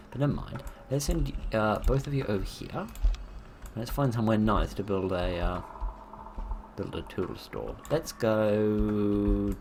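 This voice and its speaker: A man's voice: vocal fry, a little hiss or hum. A man giving casual, rambling gameplay commentary, self-deprecating and chatty. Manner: lively, quick changes of pitch and loudness. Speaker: let's play host.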